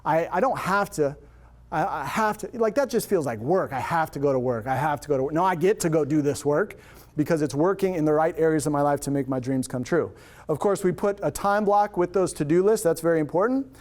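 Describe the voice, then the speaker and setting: A man giving an energetic motivational talk to an audience on stage. He repeats key points, asks questions and has listeners say lines back to him, with some faith references. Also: on the high side, fairly quick. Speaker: motivational speaker.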